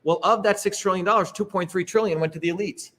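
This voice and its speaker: A middle-aged man with a somewhat high voice holds forth in an emphatic public talk. He drives each point home rhetorically and keeps tagging lines with "okay?" and "right?". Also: fairly even intonation, fast, fairly bright tone. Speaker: speaker leading a political talk. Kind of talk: animated public talk with slides.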